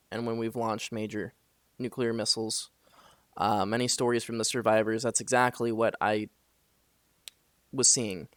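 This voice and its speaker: Young man, dry close sound, halting storyteller who leans on fillers. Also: medium pitch, a bit bright, no echo. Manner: halting, filler-heavy retelling. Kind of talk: casual spoken dream story.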